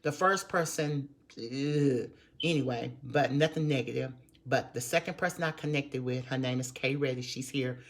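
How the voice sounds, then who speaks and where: A Texas woman in her 50s with a very deep voice speaks at a normal speed, giving a live-stream motivational talk as a network marketer. She's emphatic and preachy, repeating herself for emphasis and calling her viewers y'all.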